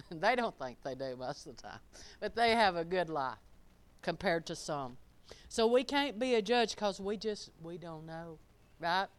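In a lowish, animated voice that runs a little slow, a middle-aged woman gives a folksy, emphatic sermon. She swings between declaring things loudly and murmuring quiet asides with a chuckle.

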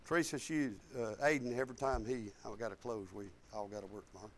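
A man's voice: mid-range voice, fast talker, hardly any pauses. A man in his fifties preaching a sermon, telling folksy personal stories in casual, colloquial grammar.

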